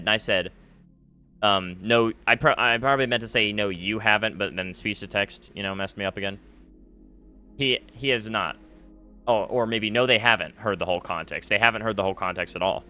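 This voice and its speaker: A man gives gaming commentary straight to his audience in a ranting, aggrieved tone. His voice is bright and forceful, with a smooth, clean sound. It sits a little low in pitch. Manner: aggrieved, ranting, many fillers. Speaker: gaming YouTuber. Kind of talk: commentary to camera. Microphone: face cam setup.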